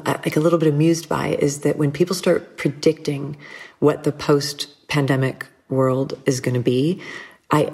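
Deep-voiced woman, earnest interview guest. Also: husky. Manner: earnest, with soft laughs and restarts. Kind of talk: reflective interview talk.

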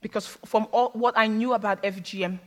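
A woman's voice: mid-range voice, steady tone, brisk, fairly bright tone. A woman from Africa telling her own story in a candid, wry talk, slipping into the voices of others. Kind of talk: personal storytelling talk with humor. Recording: long hall reverb.

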